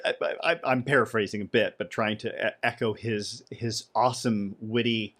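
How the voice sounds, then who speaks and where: A man's voice: on the low side, fairly even intonation, normal speed, a bit bright. A man co-hosting a podcast in a studio, talking in a chatty, playful way and stammering on his first words. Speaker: podcast co-host. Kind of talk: casual podcast chat.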